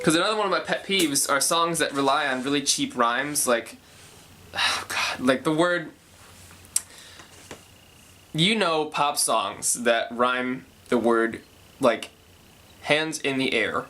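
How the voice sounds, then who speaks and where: A man's voice: mid-range voice, takes it slowly, long pauses, sharp tone. A young man casually talking through how he writes a song, thinking aloud and correcting himself as he goes. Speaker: songwriter explaining his process. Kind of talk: casual songwriting talk.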